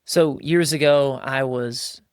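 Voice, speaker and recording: A man co-hosts a casual podcast, speaking colloquially, calling listeners "bro" and imitating people's voices when quoting them. His mid-range voice is smooth and fairly even in intonation, and he takes his time. The recording is studio quality with no room sound.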